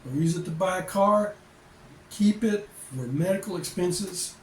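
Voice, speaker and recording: Older guy from the states just chatting advice, kinda high voice, rambly, sounds far off in an echoey room with a bit of hum. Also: unhurried. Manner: plain-spoken, rambling, repeats himself. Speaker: expat vlogger. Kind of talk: casual advice talk to camera. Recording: echoey room, voice away from the mic.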